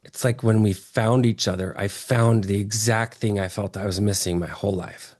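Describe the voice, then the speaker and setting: Excitable texas guy telling his story, lowish voice, dry close sound. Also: normal speed, no echo. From Texas, USA. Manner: earnest, excitable, often restarts phrases. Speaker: interview guest. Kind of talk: personal storytelling in an interview.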